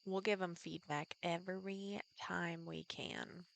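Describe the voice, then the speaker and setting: A woman's voice: lowish voice, fairly even intonation, slow pace, creaky, a little hiss or hum. A woman live streamer chatting casually with viewers while playing a farming game, thinking aloud and greeting people in the chat.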